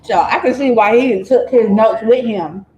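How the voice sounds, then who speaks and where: A woman vlogger telling a true-crime story in a chatty, digressive way, full of animated asides. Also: a little high, moderate pace, reverberant, highs cut off, slight background noise.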